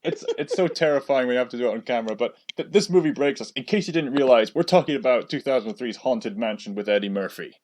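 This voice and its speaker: A man's voice: mid-range voice, fast talker, hardly any pauses, a little mellow, no echo. A young man co-hosting a casual podcast chat with dry, teasing remarks. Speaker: podcast co-host.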